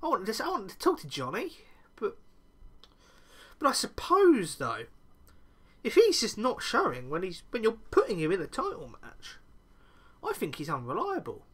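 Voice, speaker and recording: A man's voice: high-pitched, wildly swooping pitch, moderate pace, pauses often, pushed and bright, pitched above the performer's own voice, exaggerated voice. A man voicing a smug, scheming male wrestler, speaking in a gloating, self-satisfied way.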